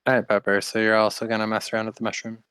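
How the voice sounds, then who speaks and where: A man as game master, narrating a tabletop game in a halting way with many fillers. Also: on the low side, completely flat delivery, a bit bright, smooth, dry recording.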